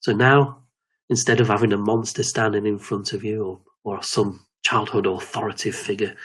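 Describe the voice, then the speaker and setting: A man giving a slow, measured self-help talk on quieting the inner critic, often restarting his sentences. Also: fairly low pitch, slightly rough. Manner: measured, repetitive, with frequent restarts. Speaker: confidence coach.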